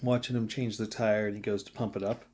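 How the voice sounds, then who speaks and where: A man in his thirties tells a race story in a casual vlog. His voice sits low and sounds soft and warm. He rambles and reflects, breaking into quoted dialogue often. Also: level tone, fast talker. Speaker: triathlete vlogger.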